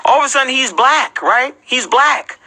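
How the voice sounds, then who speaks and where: A man's voice: very high voice, animated, normal speed, heavy background noise. A man ranting on a livestream, confrontational and profane, firing off rhetorical questions. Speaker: livestream host.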